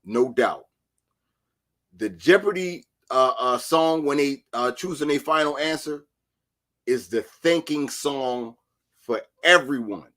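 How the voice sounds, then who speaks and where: Profane dude in casual chat, bright tone, gets loud in bursts. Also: male voice, mid-range voice, slow pace. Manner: animated, profane, jumps to shouting in bursts. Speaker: podcast co-host.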